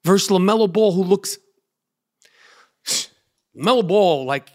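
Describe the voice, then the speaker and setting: A middle-aged man, hosting a podcast in a profane, comedic rant that bursts into yelling. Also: high-pitched, animated, a little slow. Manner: profane, ranting, yells in bursts. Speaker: podcast host.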